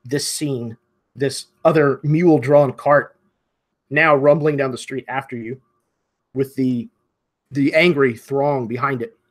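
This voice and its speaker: A man's voice: mid-range voice, steady tone, slow, long pauses. A man narrates a tabletop game as dungeon master in a loose, rambling way. He paints scenes with plenty of fillers and a medium, everyday voice. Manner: loose, descriptive, filler-heavy.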